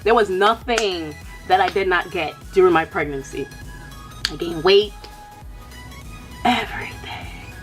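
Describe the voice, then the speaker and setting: A woman's voice: on the low side, normal speed. Young woman vlogging candidly, faint music. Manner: casual, frank, heavy use of "like" and "you know". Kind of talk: candid personal chat.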